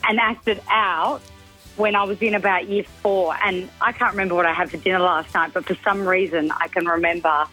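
A woman's voice: fairly low pitch, steady tone, fairly quick, pushed and bright, husky, soft background music, poor audio. An Australian woman, a mother called live on a radio show, flustered and laughing it off. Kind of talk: phone call to a radio show.

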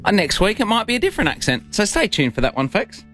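A man's voice: sits high, very animated, fast, bright, forceful tone, faint music behind. A man co-hosting a breakfast radio show, playful and teasing, given to mock indignation. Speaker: radio co-host. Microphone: studio microphone.

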